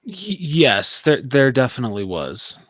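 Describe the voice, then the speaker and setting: A laid-back man chatting on a movie podcast, his mid-pitched voice close and dry. He pauses on frequent ums while he hunts for words and is quick to agree. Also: very animated, pushed and bright, no room sound. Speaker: podcast co-host. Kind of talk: casual movie review chat.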